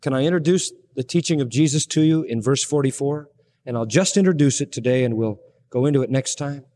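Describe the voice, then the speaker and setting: A man's voice: mid-range voice, brisk, warm tone, big-room sound. A man preaching an expository sermon, teaching verse by verse and pressing hard on key words. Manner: emphatic preaching, rising to stress key words. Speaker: pastor.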